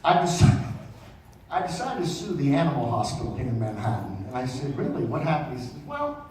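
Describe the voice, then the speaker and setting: A middle-aged man telling comic stories on stage in an animated way, acting out the people in them. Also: medium pitch, a little fast, very echoey, recorded from a distance, a little hiss or hum, low-quality recording. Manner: animated, acts out voices in his anecdotes. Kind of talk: stand-up storytelling.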